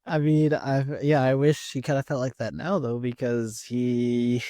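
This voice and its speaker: Guy recapping on a podcast, mid pitch, kinda hesitant, dry mic. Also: little pitch movement, mellow, no room sound. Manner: measured, hesitant, many "uh" fillers. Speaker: podcast co-host. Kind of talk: casual chat, recapping episodes.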